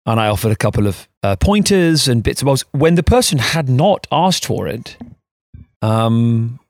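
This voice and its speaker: Recorded cleanly in a studio with no room sound, a man co-hosting a podcast speaks in a medium-pitched, sing-song voice at a moderate pace. His casual chat is rambling and full of self-mockery.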